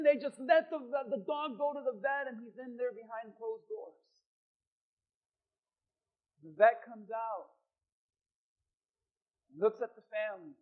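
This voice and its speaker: Man, pastor, sermon, very high voice, quiet prayer rising to loud preaching, church congregation. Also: narrow, tinny audio.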